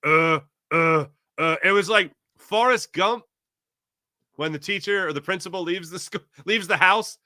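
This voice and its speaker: A man hosting a sports talk show, reading an ad and the live chat in a jokey, animated way. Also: high voice, normal speed, no room sound, clean studio sound. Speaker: podcast host.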